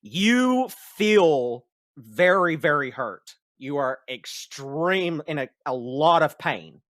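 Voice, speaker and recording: A man narrating a tabletop game as game master, setting scenes in slow, descriptive turns. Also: a little high, lively intonation, fairly bright tone, no echo, clean studio sound.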